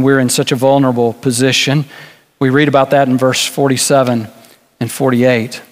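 A man's voice: medium pitch, moderate pace, big-room sound. A man preaching a sermon in an earnest way, asking rhetorical questions and restarting small phrases as he goes. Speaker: pastor.

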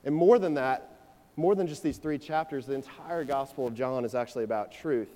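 A man in his twenties delivers a sermon in a conversational, energetic manner, sliding easily from storytelling into teaching. His voice is mellow and warm with a mid-range pitch. The sound rings with the long reverb of a large church hall. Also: brisk. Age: 20s. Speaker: preacher.

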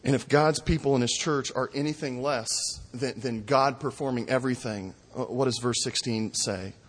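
A man preaching a sermon with an emphatic, mocking delivery that swings between loud exclamations and hushed asides. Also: mid-range voice, moderate pace, big-room sound. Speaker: pastor.

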